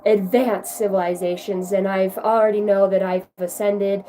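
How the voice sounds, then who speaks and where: A woman's voice: medium pitch, flat delivery, normal speed, mellow, a little hiss or hum. A woman giving a casual livestream card reading, chatty and effusive, swearing freely as she talks to her viewers. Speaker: tarot reader.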